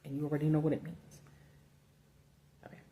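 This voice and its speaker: A woman with a low, mellow voice hosts a casual livestream from home. She rants bluntly and swears freely, working loosely from her notes. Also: a little fast, a little hiss or hum. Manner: blunt, profane, animated ranting. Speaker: political commentary host. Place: home setup with a ring light.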